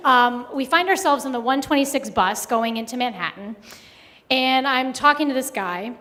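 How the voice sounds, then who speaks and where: A woman telling a personal story live at a story slam, conversational with many pauses and fillers. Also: sits high, pushed and bright, slight background noise. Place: live event hall. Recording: long hall reverb.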